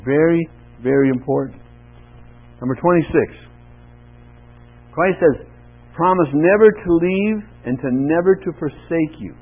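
A man's voice: a little slow, pauses often, slightly rough. Preacher man on a tinny, humming recording. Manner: asks the congregation questions, rises in pitch and volume for emphasis. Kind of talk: sermon with Bible reading. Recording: tinny narrow-band recording with mains hum.

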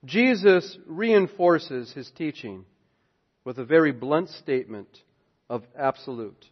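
A man's voice: fairly high pitch, big pitch swings, normal speed. Preaching man in an echoing hall. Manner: emphatic preaching, swings between loud and hushed. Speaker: pastor. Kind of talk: sermon. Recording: dull sound with long hall reverb.

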